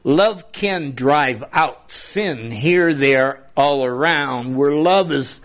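An older man, a poet, reading his own humorous rhyming verse aloud in a slow recitation. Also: fairly high pitch, fairly bright tone.

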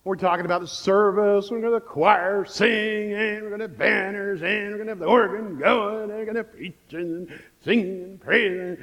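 A male pastor delivers his sermon in a fairly high voice. He tells stories with animated, emphatic repetition. His words ring out with a long reverb from the church hall around him. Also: a little fast.

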